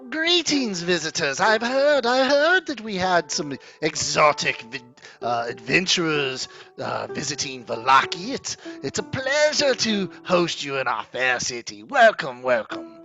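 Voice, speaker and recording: A man voicing a pompous, falsely cheerful male baron who rules a town, loud and grand and curt with his wife. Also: fairly high pitch, very animated, measured pace, muffled recording, faint music behind, voice pushed up, heavily acted. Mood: grandly cheerful.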